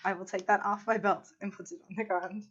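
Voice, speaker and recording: A woman's voice: medium pitch, fairly even intonation, fairly quick, slightly rough. A woman playing a tabletop game, blunt and sarcastic. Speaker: player. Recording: dull lo-fi audio.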